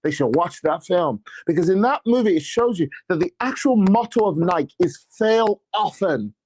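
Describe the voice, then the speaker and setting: An apostle and church leader delivers a motivational talk about faith and money, preaching energetically and tossing in sarcastic asides. His voice is high-pitched and slightly rough, at a moderate pace.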